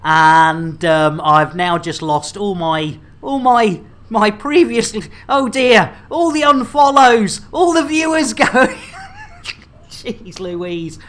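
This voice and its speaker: A woman's voice: medium pitch, expressive, slow pace. A woman in her thirties streaming a game, chatting in a rambling, jokey way and stumbling over words with many fillers. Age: 30s. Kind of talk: casual livestream chat.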